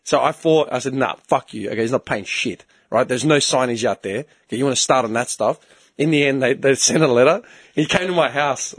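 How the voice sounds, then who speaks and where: A man's voice: medium pitch, breathy edge, no echo. A man with an Australian accent, telling a story in casual chat as co-host, acting out the quoted voices and swearing freely. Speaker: podcast co-host.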